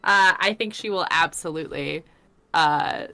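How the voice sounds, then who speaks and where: A woman's voice: sits low, measured pace, creaky, bright, forceful tone. A woman playing a tabletop game, talking hesitantly with many fillers. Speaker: player. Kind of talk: tabletop role-play.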